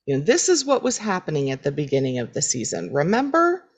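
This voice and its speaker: A woman's voice: sits low, wildly swooping pitch, fast, husky. A woman co-hosting a podcast, chatting casually about a TV episode, laughing often and quoting characters. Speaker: podcast co-host. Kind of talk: casual recap chat.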